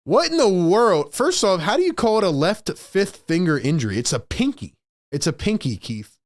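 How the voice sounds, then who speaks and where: Male sports streamer, higher voice, dry close mic, emotional, repeats himself for emphasis. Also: sing-song, normal speed, no room sound. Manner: emotional, swings between hyped shouting and frustrated muttering. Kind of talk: live play-by-play reaction stream.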